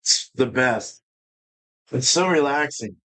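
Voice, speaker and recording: A man's voice: mid-range voice, lively intonation, slow pace, bright, forceful tone. A man hosting a live home-brewing stream, chatting casually with a rambling, profane manner and frequent laughs. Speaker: homebrewing live-stream host. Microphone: streaming setup.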